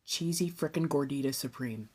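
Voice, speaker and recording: A young woman from Southern California hosting an ASMR and tarot live stream from a phone. She chats casually, swears now and then and slips into soft whispered asides. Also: very deep voice, moderate pace, breathy edge.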